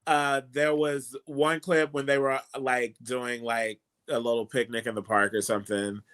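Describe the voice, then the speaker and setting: A man's voice: medium pitch, little pitch movement, normal speed, fairly bright tone, smooth. A man co-hosting a live commentary show, chiming in casually with reactions and asides. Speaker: co-host. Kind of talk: live pop-culture commentary.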